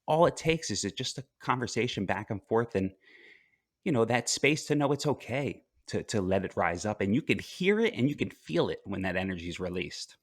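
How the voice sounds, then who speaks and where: A man working as a life coach, speaking calmly and reflectively as a guest in a podcast interview, with frequent fillers and restarts. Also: lowish voice, fairly quick, dry recording, studio quality. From United States.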